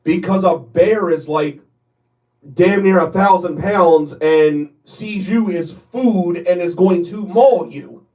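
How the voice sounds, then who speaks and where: A man's voice: high-pitched, slow pace, darkish tone. A man in a casual podcast chat, emphatic and jokey, with incredulous outbursts. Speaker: podcast co-host. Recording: distant from the mic.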